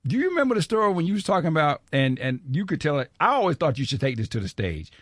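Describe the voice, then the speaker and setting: Lively radio host man, swooping pitch. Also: fast, dry recording, clean studio sound. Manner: enthusiastic, laughs along, eager to hear more stories. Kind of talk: interview chat.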